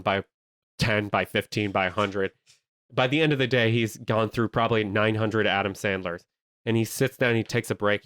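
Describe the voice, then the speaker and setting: A man hosting a comedy podcast, telling an improvised movie pitch with lots of energy and silly voices. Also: dry recording, studio quality. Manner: animated storytelling with silly voices.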